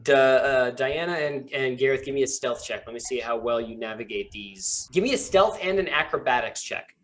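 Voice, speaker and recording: A man running a tabletop game as game master, describing scenes in a halting way full of fillers. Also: medium pitch, a bit bright, recorded from a distance.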